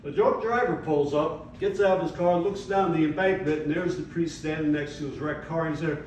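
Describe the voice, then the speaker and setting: A man's voice: a little high, normal speed, few pauses, a little mellow, a little hiss or hum. Brash older man doing stand-up. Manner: brash, profane, storytelling. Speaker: stand-up comedian. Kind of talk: stand-up comedy. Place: former yoga studio. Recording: echoey room, distant mic, audience.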